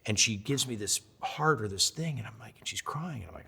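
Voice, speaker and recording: A middle-aged man and chef, interviewed, telling stories with energy and acting out the dialogue, now loud, now hushed. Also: medium pitch, animated, fast, creaky, few pauses, slightly rough. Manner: acts out quoted dialogue, swings between loud and hushed. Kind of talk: animated storytelling.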